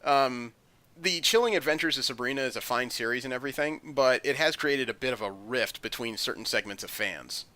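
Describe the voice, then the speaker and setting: A man's voice: medium pitch, a little fast, sharp tone. A man hosting a podcast, chatting through comic news with frequent ums and uhs. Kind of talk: casual chat.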